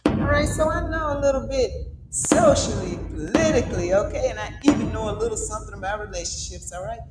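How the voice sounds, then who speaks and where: A middle-aged woman from the American South with a Southern accent, hosting her own commentary in a lively, dramatic way. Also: fairly high pitch, a little fast. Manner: lively, dramatic, talks straight to the audience. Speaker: commentary host. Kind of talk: casual solo commentary. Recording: roomy echo with loud music behind.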